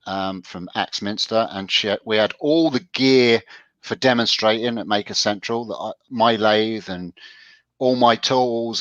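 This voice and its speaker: A man's voice: lowish voice, fairly bright tone, dry recording, highs cut off. A man co-hosting a casual chat show, telling stories in a stop-start way with restarts. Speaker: podcast co-host.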